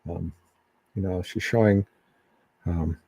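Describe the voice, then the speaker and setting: A man giving psychic readings on a live stream in a halting, casual way, with many ums and restarts. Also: low voice, steady tone, mellow, slightly rough, dry recording.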